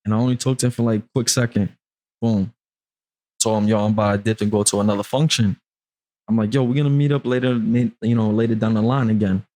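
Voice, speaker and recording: A man's voice: fairly low pitch, quick pace. Slangy New man telling stories. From Brooklyn, New York. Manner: animated, slangy, acts out quoted dialogue. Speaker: podcast guest. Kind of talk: casual storytelling.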